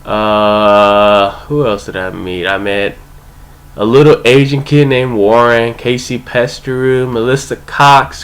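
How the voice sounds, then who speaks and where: A man's voice: lowish voice, clear, resonant tone, rough recording. A young man casually telling a rambling, profane story, full of "like" and "you know".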